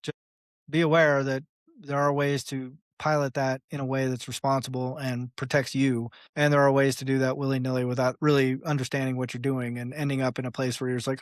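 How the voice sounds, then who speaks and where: Seorang pria tamu podcast yang bicara santai dan bertele-tele, sering memerankan suara orang lain, tertawa, dan sesekali memaki. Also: male voice, mid-range voice, a little fast, no room sound, studio quality. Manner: rambling, animated, acts out voices, swears, laughs. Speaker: podcast guest. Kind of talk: casual interview talk.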